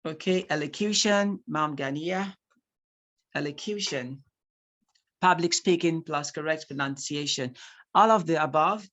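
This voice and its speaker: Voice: mid-range voice, unhurried, a bit bright. Nigerian-accented tutor teaching a live class. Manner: reads chat replies aloud, repeats key points for emphasis. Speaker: speaking tutor.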